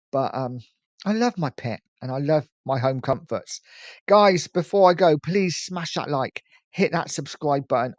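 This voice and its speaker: A man's voice: on the high side, no echo. A middle-aged English man with a slight lisp, hosting a casual football live stream and chatting through viewer comments. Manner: chatty, friendly, urges viewers to like and subscribe.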